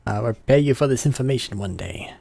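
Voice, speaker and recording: A man's voice: medium pitch, lively intonation, brisk, creaky, mellow, no room sound. A man voicing a cocky, foul-mouthed young boy who talks brashly about himself in the third person.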